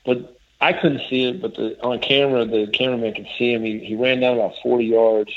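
A man's voice: mid-range voice, level tone, a little fast. A man casually telling a long story as a guest, rambling and restarting as he quotes others. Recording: dull lo-fi audio.

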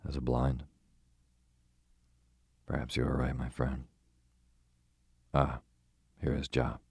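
A man voicing a fussy, precise older male detective who speaks placidly and deliberately, with foreign turns of phrase. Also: extremely low pitch, completely flat delivery, gravelly, darkish tone, husky, no room sound, heavily acted.

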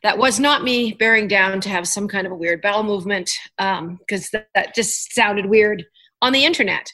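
A woman's voice: medium pitch, normal speed, bright, forceful tone. A woman hosting an interview podcast, chatty and self-deprecating, joking as she goes. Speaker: podcast host. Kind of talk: casual interview chat.

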